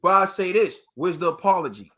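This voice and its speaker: A man's voice: high voice, expressive, brisk, sharp tone. An American man hosting a boxing show, ranting to his viewers in an emphatic, slangy way. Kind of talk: animated commentary rant.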